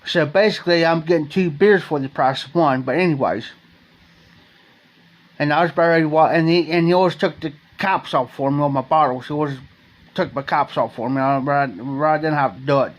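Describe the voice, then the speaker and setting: A man's voice: a little high, fairly quick, dull audio. A man from Ohio hosting a late-night livestream, telling a story in a rambling, folksy way and often repeating and restarting his phrases. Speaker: livestream host.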